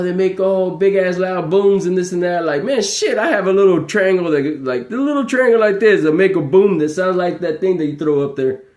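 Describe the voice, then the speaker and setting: Guy ranting on his livestream, high voice, cussing nonstop, echoey room. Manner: profane, animated, laughing storyteller. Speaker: livestream host. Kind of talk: rambling livestream chat.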